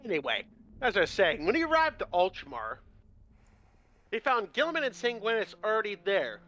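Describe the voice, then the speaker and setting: Brief: excitable man, high bright voice, swearing storyteller, faint room hiss. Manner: animated, profane, acts out quotes. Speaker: lore presenter on a miniature painting show. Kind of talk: casual lore storytelling with friends.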